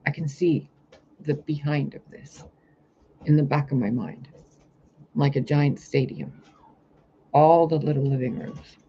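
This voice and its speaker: Gravelly man rambling intensely to camera. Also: a little high, steady tone, a little slow, long pauses, dark tone. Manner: rambling, intense, swears often. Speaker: spiritual reader. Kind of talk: vlog monologue about a vision. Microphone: camera mic, talking to camera. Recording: dull lo-fi sound with faint hiss.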